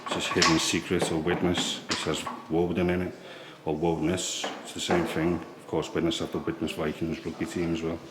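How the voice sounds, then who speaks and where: Low, flat-voiced man giving a hushed tour. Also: fairly quick, hardly any pauses. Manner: hushed, low-key explaining. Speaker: history tour guide. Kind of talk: walking tour vlog. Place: museum in an old priory, indoors. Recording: echoey room with background noise.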